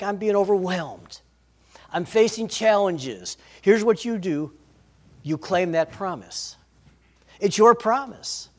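High-voiced man preaching with urgency. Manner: swings between loud urgent preaching and hushed prayerful tones. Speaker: pastor. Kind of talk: sermon.

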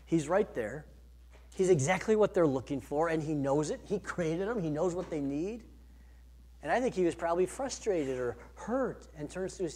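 A man preaching a sermon, earnest, rising to emphatic peaks and then dropping soft. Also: a little high, animated, moderate pace, slightly rough. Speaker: pastor.

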